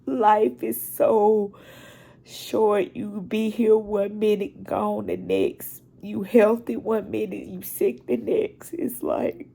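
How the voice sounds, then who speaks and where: Slow gravelly-voiced middle-aged woman vlogging. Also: mid-range voice, flat delivery, dark tone. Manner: heartfelt, talking straight to viewers. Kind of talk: personal video diary. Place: at home.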